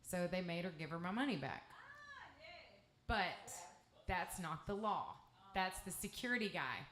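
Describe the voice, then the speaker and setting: A woman's voice: fairly low pitch, lively intonation, unhurried, fairly bright tone. A woman from East Texas with an East Texas accent, telling a candid, profane, rambling story between songs as a guest singer-songwriter. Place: music club stage. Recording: echoey live club room.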